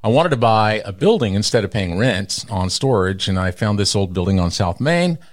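A middle-aged Texas man with a lowish voice, a radio personality, tells stories as an interview guest at normal speed. He's an animated storyteller who acts out the people he quotes with big jumps in pitch.

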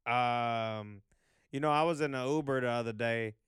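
Smooth, dry-voiced man rambling casually. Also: medium pitch, normal speed, fairly bright tone, no room sound. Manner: profane, loose, full of fillers. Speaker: vlog host.

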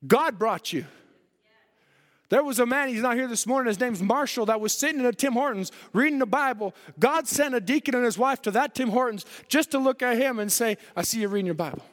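A man preaching a fervent sermon in a church, swinging between loud, driven passages and quiet ones. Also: very high voice, a little fast. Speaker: pastor. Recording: long reverb of a church hall.

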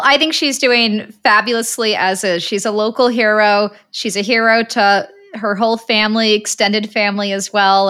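A woman podcast host closes the interview with warm thanks and praise for the guest. Her voice is mid-pitched and conversational. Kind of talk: casual interview chat.

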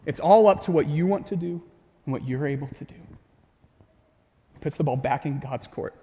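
A man's voice: a little high, moderate pace, muffled recording, slight background noise. A man preaching a sermon in a casual, conversational way with light humor. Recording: long hall reverb.

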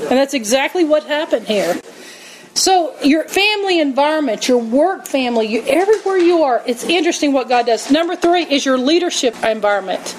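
A woman preaching a sermon, telling stories in an animated way and acting out quotes. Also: high voice, brisk, rough recording. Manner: animated storytelling, acts out quotes, laughs often.

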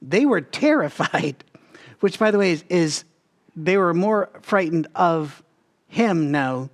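A man leading a Bible study, talking straight to his listeners in a conversational, animated way with frequent restarts. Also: fairly high pitch, slow pace.

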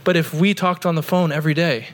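A man's voice: a little high, fairly even intonation, quick pace. Earnest conversational pastor, man. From Oregon, USA. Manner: conversational, earnest, with frequent "like" fillers. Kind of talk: sermon. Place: church sanctuary.

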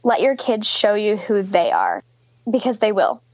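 A woman's voice: medium pitch, huge pitch swings, a little slow, a little mellow, breathy edge, dry recording, dull audio. A woman in her twenties, a foster and adoptive parent, talking earnestly and casually in an interview over a video call, with lots of fillers. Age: 20s. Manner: chatty, earnest, many fillers like "like" and "kinda".

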